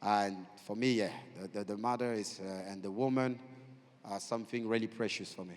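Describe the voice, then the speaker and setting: A man in his forties with a French accent, telling lively stories as a guest on a festival stage, often halting and restarting. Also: lowish voice. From France. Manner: animated storyteller, halting with restarts. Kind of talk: on-stage conversation. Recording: long hall reverb.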